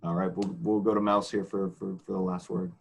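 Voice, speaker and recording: A man moderating a panel on a video call, brisk and appreciative as he passes the word along. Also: deep voice, little pitch movement, gravelly, husky. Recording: dull lo-fi call audio.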